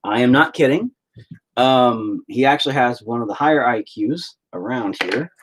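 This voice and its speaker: A man's voice: medium pitch, normal speed, a little hiss or hum. A middle-aged man chatting casually on a live stream, joking and teasing as a father.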